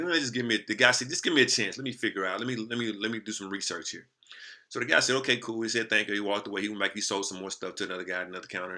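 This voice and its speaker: A man spins a story straight to the camera in loose, slangy talk. His voice sits low but rings bright and clear, and he swings from quiet asides to loud, excited bursts. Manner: lively, animated storyteller with slangy street talk. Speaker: motivational speaker.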